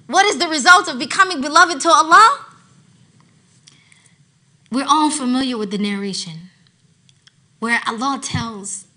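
An American woman teacher giving a sermon to a women's gathering, telling stories with lively swings from hushed to loud. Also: high voice. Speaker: Islamic teacher.

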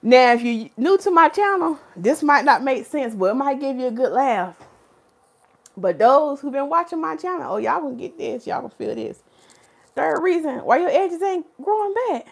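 A woman, a hair stylist hosting a casual live stream and talking to her chat in an animated, preachy way. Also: sits high, moderate pace, creaky. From North Carolina, USA.

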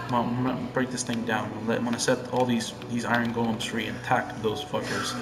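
Excitable, cursing young man gaming. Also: medium pitch, quick pace, few pauses, echoey room, loud music behind the voice. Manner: excitable and profane, swinging between hushed muttering and loud yelling. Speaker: gamer. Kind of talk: casual gameplay commentary.

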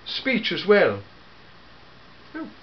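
A tetchy, grandfatherly old time-travelling gentleman, played by a man, in a fan audio drama. His voice sits high and swoops about, and he talks slowly and fussily, scattering hmms and eh?s. The recording is a little dull and lo-fi. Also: wildly swooping pitch, slight background noise, heavily acted. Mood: fussy, chatty. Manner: fussy, hesitant, peppered with hmms and eh?s.

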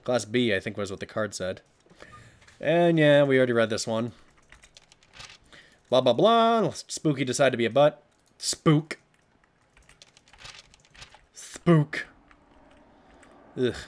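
A man's voice: mid-range voice, animated, takes it slowly, pauses often, slight background noise. A man giving jokey, sarcastic commentary while playing a horror game at home on a desk mic, talking back to the game. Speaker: let's play gamer.

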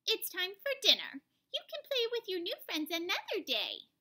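A woman's voice: very high-pitched, wildly swooping pitch, normal speed, bright, forceful tone, voice pushed up, exaggerated voice. A woman voicing a sweet little old lady who coos fondly at her cat in a storybook reading. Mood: doting. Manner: cooing, doting.

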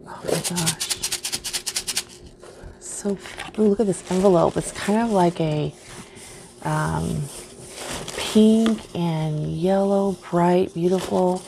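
A woman's voice: fairly low pitch, takes it slowly, vocal fry, pauses often, noisy background. A woman vlogger unboxing craft mail in casual chat, gushing and easily delighted.

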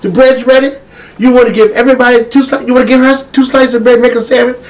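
A man's voice: quick pace, low-quality recording. A man working as a children's entertainer, telling a story and singing with kids in a playful, sing-song way. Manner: animated, sing-song, playful with big pitch jumps. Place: TV studio.

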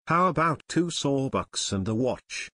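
A man voicing an impulsive, eager teenage boy detective, quick to protest. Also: medium pitch, expressive, pushed and bright, no echo.

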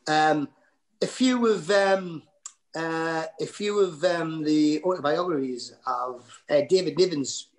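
Geordie man telling rambling stories. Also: fairly high pitch. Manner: rambling, restarts and fillers, quick to laugh at himself. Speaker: guest comedian. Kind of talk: anecdotal podcast chat.

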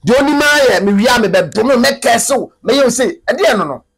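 A man's voice: very high voice, expressive, fairly quick, gravelly, fairly bright tone, husky. A Ghanaian man giving emphatic, scolding commentary on church matters. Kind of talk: animated commentary.

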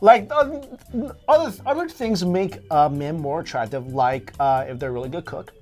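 A man from the United States co-hosting a casual chat, playful and lively, laughing along. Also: fairly high pitch, moderate pace, soft background music. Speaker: co-host.

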